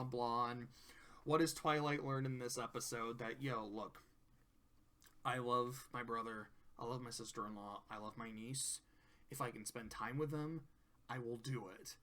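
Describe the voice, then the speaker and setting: A man's voice: medium pitch, pushed and bright. A man casually reviewing cartoon episodes, rambling, laughing often and swearing.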